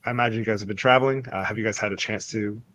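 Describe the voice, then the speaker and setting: A man's voice: on the low side, steady tone, rapid-fire, a bit bright, a little hiss or hum, natural voice. A man voicing a polite, slightly wry male ranger who hires adventurers in a tabletop game.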